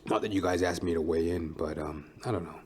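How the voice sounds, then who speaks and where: A man's voice: sits low, a little fast, slight background noise. A man who is a stand-up comedian, hosting his own podcast in a blunt, profane, rambling monologue.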